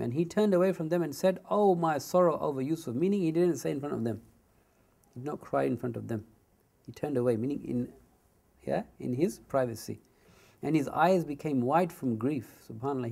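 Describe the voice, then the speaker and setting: A man giving a Quran commentary lesson, reciting Arabic verses quickly and then explaining them in English with frequent asides. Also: on the high side, gravelly, warm tone, breathy edge.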